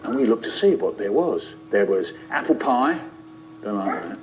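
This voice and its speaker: A man's voice: fairly low pitch, normal speed, soft background music. Playful man telling a story. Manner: playful and expressive. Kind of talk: animated storytelling. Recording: lo-fi, muffled.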